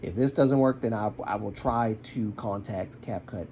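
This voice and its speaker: A man's voice: on the low side, moderate pace, dull audio, background noise. A man chatting casually on a livestream, rambling and talking to himself while using his computer.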